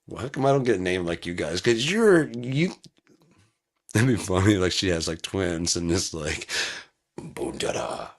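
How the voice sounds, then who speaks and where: A man's voice: sits low, big pitch swings, normal speed. A man from Michigan talking in a loose, profane, rambling monologue, often breaking into laughter. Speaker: vlogger.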